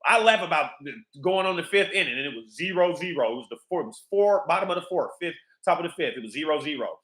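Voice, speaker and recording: A man's voice: on the high side, lively intonation, fast talker, fairly bright tone. A man hosting his own vlog, telling a rambling, profane story in a casual monologue. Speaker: vlog host. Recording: echoey room.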